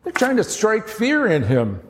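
A man's voice: high-pitched, huge pitch swings, unhurried, big-room sound, a little hiss or hum. A man preaching a sermon as pastor, earnest and emphatic.

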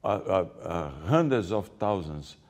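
A man, a guest speaking earnestly and haltingly. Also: low-pitched, sing-song, darkish tone. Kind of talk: interview.

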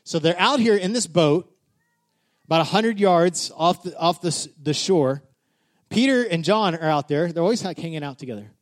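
Brief: male pastor, high voice, animated sermon storyteller. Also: moderate pace. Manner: animated storyteller, builds to shouting.

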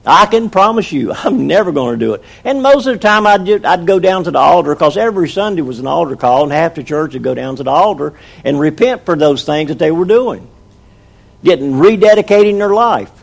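Gravelly-voiced preacher man. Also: on the high side, lively intonation, a little fast. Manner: earnest, conversational preaching with acted quotes. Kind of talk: sermon testimony.

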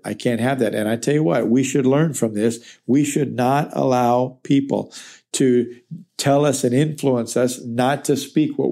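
A man with a mellow, warm voice leads a Bible study. He reads a passage aloud and then explains it in a plain, earnest way. His voice sits at an ordinary pitch for a man. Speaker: Bible teacher. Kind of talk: verse-by-verse Bible teaching.

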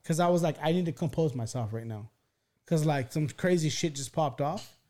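A man's voice: a little high, normal speed. A man on a podcast telling a wild story in rambling, profane casual talk, full of restarts and acted-out quotes. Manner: animated, acts out quoted voices.

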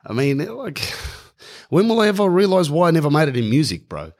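A man's voice: on the high side, big pitch swings, a little fast, a little mellow, faint music behind. A man in his thirties with an Australian accent, rambling through a comic story in slangy, casual speech. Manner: rambling, slangy, keeps saying bro. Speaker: comedian storyteller.

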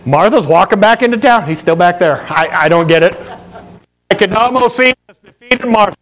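A male pastor preaching a sermon with animated, emphatic storytelling. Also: sits high, normal speed.

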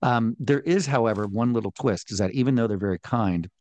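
A man talks easily on a podcast, wry and chatty, scattering ums through his points. His voice sits at a middle pitch and the recording is dry and close. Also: brisk, a little mellow, no room sound. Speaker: podcast co-host. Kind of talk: casual chat.

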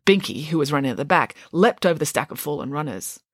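A woman narrating a children's storybook in an expressive, lively way. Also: low-pitched, fast, dry recording, studio quality. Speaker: audiobook narrator.

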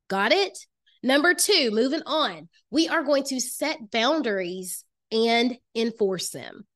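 A woman's voice: fairly high pitch, lively intonation, slow pace, a bit bright. A woman coaching her listeners in a motivational master class, emphatic and direct, repeating key phrases for weight. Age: adult with children. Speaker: life coach and podcast host.

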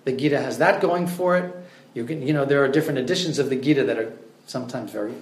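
A man's voice: medium pitch, fast talker. A man giving a conversational lecture on scripture, telling stories with frequent fillers. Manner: conversational, many fillers, storytelling. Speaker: religious lecturer. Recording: roomy echo.

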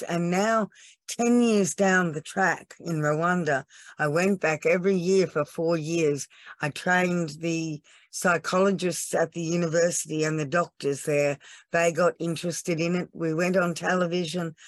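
A woman's voice: on the low side, no room sound. A woman, a laughter yoga trainer, telling her story on a podcast in an earnest, emotional way, teary at times. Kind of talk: podcast interview.

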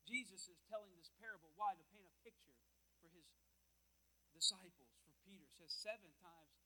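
A man preaching with a high, sharply cutting voice. He drives each point home with emphasis and repeats words as he goes. He moves around the church and calls out to the congregation. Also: brisk, sharp tone, low-quality recording. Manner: walks about, calls out to listeners. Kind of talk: sermon.

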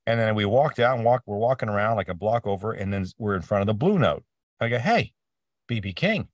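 Animated storytelling man, a bit off-mic. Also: lowish voice, brisk, dry recording, clean studio sound, recorded from a distance. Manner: storytelling, many restarts, acts out quoted voices. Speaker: voice actor guest. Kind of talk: casual interview conversation.

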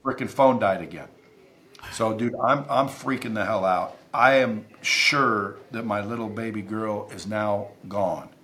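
A man's voice: fairly low pitch, measured pace, fairly bright tone. A man who is a podcast guest, telling stories in an emphatic, intense way and swearing freely. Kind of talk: casual interview storytelling.

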